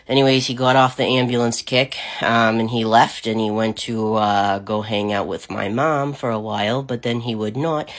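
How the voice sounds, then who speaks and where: A woman recovering from covid, telling a funny story about her son in a casual, animated way, often breaking into laughter. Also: very deep voice, moderate pace, hardly any pauses. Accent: American. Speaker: vlogger.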